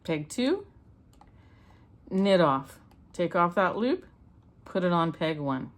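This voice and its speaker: This middle-aged woman from Canada speaks in a lowish, sing-song voice, taking her time with long pauses. Her craft tutorial on loom knitting is homey and chatty, explained step by step while she works.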